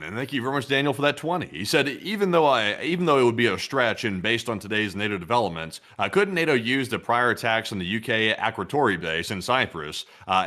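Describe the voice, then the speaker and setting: A man hosting a live news stream, reading viewer messages and joking in a relaxed way. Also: lowish voice. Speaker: host. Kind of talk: casual livestream chat, reading viewer donations.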